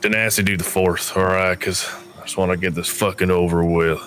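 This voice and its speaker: Low-voiced man narrating his character. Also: fairly even intonation, fairly quick, fairly bright tone. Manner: casual, joking, narrates own character's actions. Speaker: player. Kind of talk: tabletop role-play with narration.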